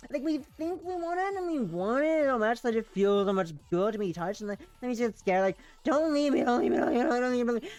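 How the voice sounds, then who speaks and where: A woman's voice: fairly high pitch, expressive, fast talker, few pauses, a little mellow, close to an everyday voice. A woman reading a game's text as a giddy, clingy, obsessive girl, rambling with lots of "like". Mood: giddy dreamy. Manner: breathless valley-girl rambling, full of "like".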